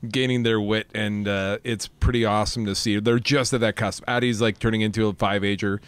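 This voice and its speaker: Brief: man in his thirties, podcast guest, lowish voice, relaxed and thoughtful. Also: brisk, clear, resonant tone, no echo. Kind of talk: casual chat.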